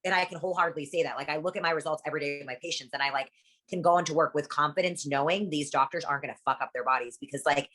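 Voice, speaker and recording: Here the same Guatemalan interview guest, a young plastic surgery practice worker, sounds low and a bit bright. Her delivery in this casual chat stays rapid-fire, emphatic and blunt, loaded with profanity.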